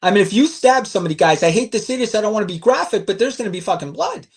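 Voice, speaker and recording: A man co-hosting a casual true-crime podcast, emphatic and excitable, swearing freely. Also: sits high, very fast, breathy edge. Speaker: podcast co-host.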